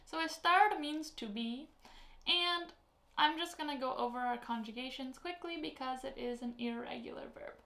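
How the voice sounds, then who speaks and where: A woman teaching a Spanish lesson, explaining slowly and patiently, with spoken example phrases. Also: high-pitched, a bit bright, reverberant. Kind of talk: online language lesson.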